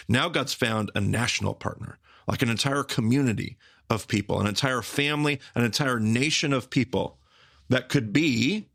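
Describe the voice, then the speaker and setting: Gravelly, emphatic man teaching on a podcast. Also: fairly low pitch, a bit bright, no echo, studio quality. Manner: emphatic, repetitive, with rapid bursts and slow stressed phrases. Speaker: podcast host teaching the Bible. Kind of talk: animated teaching conversation.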